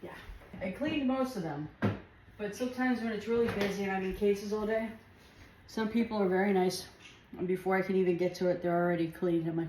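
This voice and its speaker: A woman's voice: mid-range voice, brisk. Woman, home cook vlogging, rambling and chatty, roomy kitchen sound with faint background noise. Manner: chatty, rambling, tastes food while talking. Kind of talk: casual chat while cooking.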